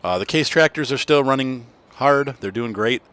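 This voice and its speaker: A man's voice: mid-range voice, moderate pace, fairly bright tone, clean tone. A tired man hosting a casual farming game playthrough, rambling and correcting himself as he talks. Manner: rambling, self-correcting, yawning. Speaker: gaming channel host.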